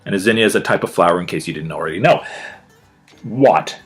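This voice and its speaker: Animated man reading a picture book aloud. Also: breathy edge, faint music behind. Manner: animated storyteller with big pitch swings and drawn-out emphasis; chatty, explains words to young listeners. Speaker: children's author reading his own book.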